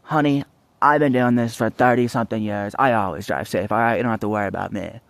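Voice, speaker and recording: A curt older woman coworker, condescending and done with the conversation, as a young man mimics her in his vlog. The voice stays low and close, with a dry, dead sound. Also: fast talker, vocal fry, no echo. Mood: dismissive. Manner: brushing off, condescending.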